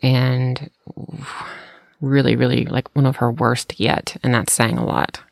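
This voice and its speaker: A woman's voice: very deep voice, level tone, unhurried, gravelly, no echo, studio quality. A woman and parent telling a candid family story in casual conversation, self-deprecating and ready to laugh at herself.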